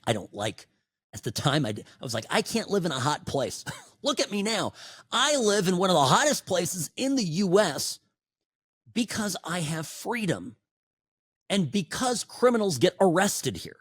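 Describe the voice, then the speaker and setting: Male talk radio host, middle-aged, opinionated monologue; lively pitch swings, loud bursts and low asides, dry studio mic. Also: moderate pace, breathy edge, no echo. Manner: animated, sarcastic, swings between loud outbursts and low asides.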